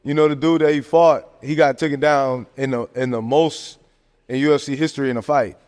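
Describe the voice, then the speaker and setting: A man hosting a podcast, giving casual sports commentary in a slangy, animated rant full of fillers. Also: mid-range voice, brisk. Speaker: podcast host. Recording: long echoing reverb.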